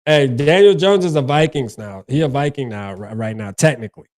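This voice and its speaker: A man's voice: medium pitch, animated, fairly quick, a little mellow, dry recording. Laid-back slangy man hosting a fan show. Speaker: sports channel host. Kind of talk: casual fan talk on a stream.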